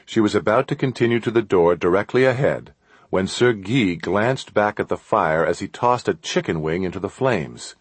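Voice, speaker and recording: A man narrating an adventure audiobook in a steady, measured storytelling manner. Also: fairly low pitch, breathy edge, dry recording.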